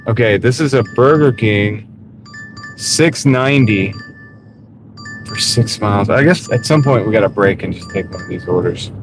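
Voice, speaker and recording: A man's voice: fairly low pitch, normal speed, music in the background. A man streaming live as a delivery driver, chatting casually with viewers by name and muttering over order offers while he drives. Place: inside a car while driving. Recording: steady car road noise. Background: car engine and road noise.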